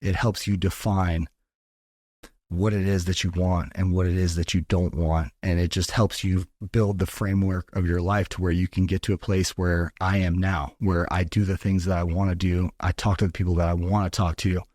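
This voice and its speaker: A man's voice: sits low, little pitch movement, normal speed, a little mellow, no echo, clean studio sound. A man from Texas, a podcast guest talking in an earnest, motivational way and swearing freely. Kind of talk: casual podcast talk.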